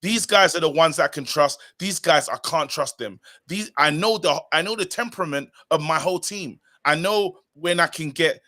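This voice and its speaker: Emphatic man, bright voice. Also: a little high, normal speed, hardly any pauses. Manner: animated, emphatic, repeats himself. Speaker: co-host of a football fan show. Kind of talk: casual live-stream chat.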